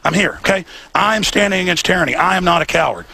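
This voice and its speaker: A man's voice: high voice, lively intonation, vocal fry, sharp tone. A male host giving fervent, repetitive on-location commentary outdoors. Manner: fervent, rapid, repetitive ranting. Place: outdoors outside an event venue.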